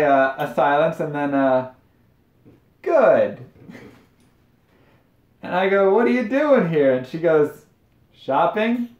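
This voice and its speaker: A man's voice: mid-range voice, darkish tone. A young man casually chatting while cooking on a livestream, telling rambling, self-deprecating stories. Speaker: streamer. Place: home kitchen. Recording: roomy, dull lo-fi stream audio.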